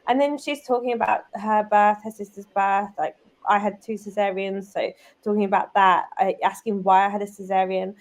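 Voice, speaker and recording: A British woman in her thirties, a guest and business owner, telling stories in a lively, chatty way full of "like" and "um". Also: mid-range voice, moderate pace, hardly any pauses. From United Kingdom. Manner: lively, chatty, many fillers like "like" and "um". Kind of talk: casual conversational storytelling.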